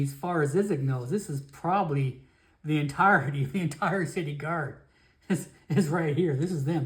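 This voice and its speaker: A player narrating a solo tabletop game session, rambling casually with fillers and self-corrections. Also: medium pitch.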